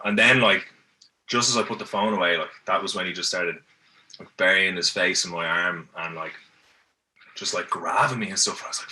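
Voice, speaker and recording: A man's voice: low voice, fairly even intonation, brisk, bright, forceful tone. An Irish man on a podcast as a guest, telling stories in an easygoing, rambling way and often restarting. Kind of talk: casual chat, telling stories. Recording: mic at a distance.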